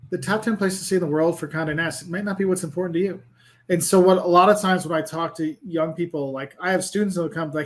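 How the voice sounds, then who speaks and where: His voice is high and a little fast: a middle-aged travel creator and professor chatting as a guest in a casual interview. The talk rambles, animated and littered with "like" and restarts.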